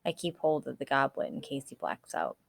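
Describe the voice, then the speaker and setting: A woman reading a novel aloud in a measured way, now and then correcting a slipped word. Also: extremely low pitch, very animated, vocal fry. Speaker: audiobook reader.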